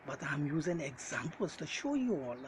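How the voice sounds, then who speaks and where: This self-styled Bible teacher preaches at normal speed but very animatedly, in a fairly high voice aimed straight at his audience. He keeps repeating hammering phrases and addressing everyone as ladies and gentlemen, and a faint hiss lies beneath.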